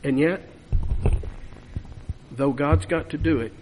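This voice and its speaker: A man preaching a sermon with emphatic delivery, rising to loud urging and dropping to hushed lows. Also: takes it slowly, long pauses, slight background noise. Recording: long hall reverb.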